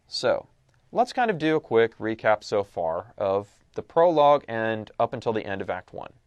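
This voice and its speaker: A man's voice: on the low side, very animated, normal speed, smooth, dry recording, dull audio. A man teaching a casual lesson recap, reading passages aloud and posing questions he then answers himself. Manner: conversational, asks rhetorical questions then answers.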